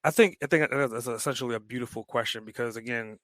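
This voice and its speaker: A man talking on a podcast as an entrepreneur guest, emphatic and blunt, swearing freely and picking up speed when excited. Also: medium pitch, fast talker, dry recording. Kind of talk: casual podcast conversation.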